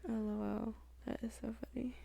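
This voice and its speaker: A young woman co-hosting a podcast, laid-back, with short replies and soft asides. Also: on the high side, flat delivery, fairly quick, gravelly, no room sound. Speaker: podcast co-host. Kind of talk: casual podcast chat.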